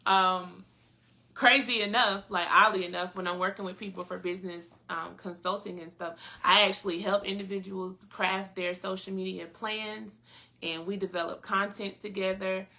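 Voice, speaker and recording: A woman from North Carolina with a Southern accent, co-hosting a podcast in a relaxed, casual chat and laughing often. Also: mid-range voice, normal speed, creaky. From North Carolina, USA. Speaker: podcast co-host.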